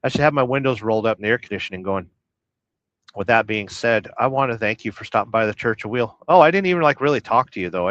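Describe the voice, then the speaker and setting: A trucker livestreaming from his parked cab, his voice a little low. He chats with dry, deadpan sarcasm and swears freely. The sound is dry and dull, like lo-fi livestream audio. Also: no room sound. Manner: profane, deadpan sarcastic joking. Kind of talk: casual livestream chat.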